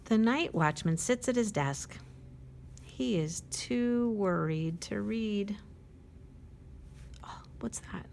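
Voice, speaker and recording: A woman at a library storytime, reading a picture book aloud to children, gently asking them questions and dropping to a whisper at quiet moments. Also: mid-range voice, animated, vocal fry, slight background noise. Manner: slow and gentle, pausing to ask young listeners questions.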